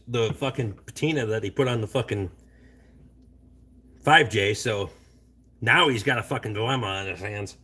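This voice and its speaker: A middle-aged man hosts a laid-back late-night livestream, reading chat and rambling bluntly with plenty of swearing. His medium-pitched voice is pushed, bright, and slightly rough.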